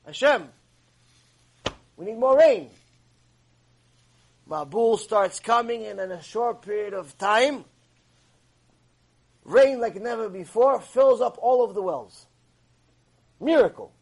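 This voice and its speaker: A male religious teacher gives a storytelling lecture in a fairly high voice. He tells the tale in an animated way and slips into the voices of its characters. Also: a little slow, creaky, pauses often, low-quality recording.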